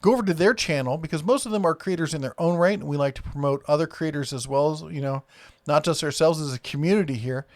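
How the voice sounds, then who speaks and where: A man's voice: fairly high pitch, fast talker. A man with an Iowa accent hosting a live stream, rambling casually, reading viewer comments aloud with many fillers.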